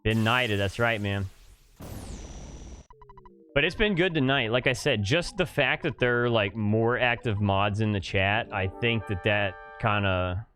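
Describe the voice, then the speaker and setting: A man's voice: fairly low pitch, measured pace, a bit bright, faint music behind. A young man streaming a game, telling a rambling story to his chat with lots of fillers and swearing. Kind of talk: casual chat to a live stream chat while playing.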